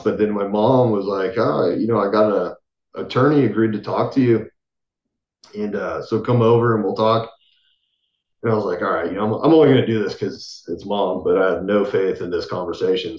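Low-voiced vet guy telling his story, mimics people, trails off, echoey muffled audio. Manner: casual, acts out quoted voices, trails off softly. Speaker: guest, military veteran. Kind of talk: storytelling in a podcast interview.

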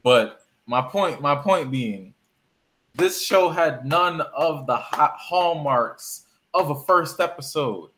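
A man's voice: a little high, animated, slow pace, fairly bright tone. A man co-hosting a casual podcast, ranting emphatically about a TV show. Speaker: podcast co-host. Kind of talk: casual chat.

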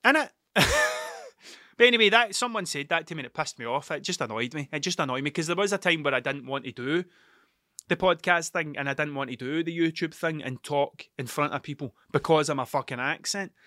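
A Scottish man from Ayrshire with a strong accent, hosting a casual solo podcast and telling stories in a sweary, animated way. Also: fairly high pitch, a little fast, no echo, studio quality. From Scotland (Ayrshire). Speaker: podcast host.

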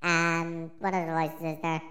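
A man's voice: monotone, measured pace, pushed and bright, slight background noise. An Irish man using a voice changer meant to sound like a baby, with an Irish accent, being silly and singsong. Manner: laughing, silly singing. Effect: voice changer, pitched up.

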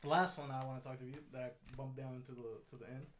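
A man's voice: mid-range voice, fairly even intonation, fast, a little hiss or hum. A man chatting casually as a podcast co-host, blunt and emphatic, with frequent swearing. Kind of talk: casual chat.

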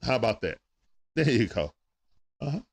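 A creaky, mid-range male voice at a moderate pace narrates a basketball game casually on a live stream. Between plays he animatedly greets those in chat, and he also talks aside to his son.

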